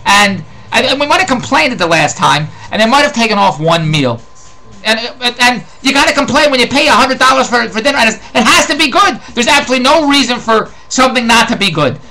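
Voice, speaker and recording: Philly guy ranting fast, keeps repeating words, kinda high voice. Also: lively intonation, pushed and bright, rough recording. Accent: Philadelphia. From Philadelphia. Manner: rambling, exasperated, repeats words. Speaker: host. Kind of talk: ranting comedic monologue.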